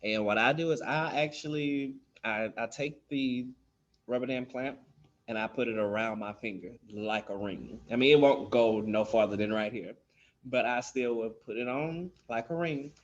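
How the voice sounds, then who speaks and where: A man's voice: medium pitch, moderate pace, dull audio. A man giving a casual spoken lesson on dental terms, loose and chatty with many fillers, acting out how children and staff talk. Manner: loose and conversational, many ums, acts out kid talk. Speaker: dental instructor.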